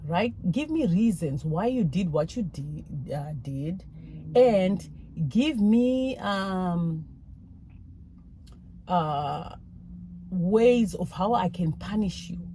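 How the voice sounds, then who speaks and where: A woman voicing her husband as a calm, steady father who questions the children in a measured, reasonable way. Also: high voice, slight background noise, exaggerated voice.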